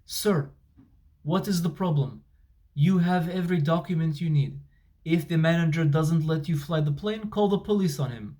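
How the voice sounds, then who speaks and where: A man's voice: normal speed, dark tone, close to an everyday voice. A man putting on an accent to imitate a male airline support agent. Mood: insistent. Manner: put-on accent, higher pitched.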